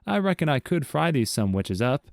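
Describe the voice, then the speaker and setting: A man's voice: fairly high pitch, big pitch swings, normal speed, vocal fry, no room sound, clean studio sound, pitched above the performer's own voice. A man voicing a folksy, blunt old nun.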